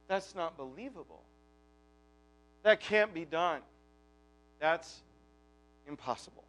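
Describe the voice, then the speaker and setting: A man's voice: expressive, takes it slowly, rough recording. A man doing a despairing old priest. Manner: low, quiet and deflated. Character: old doubting male priest, weary and despairing.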